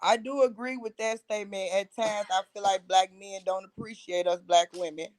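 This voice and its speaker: A woman's voice: mid-range voice, steady tone, normal speed, darkish tone. A woman panelist in a group chat who chimes in to agree. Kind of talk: casual chat.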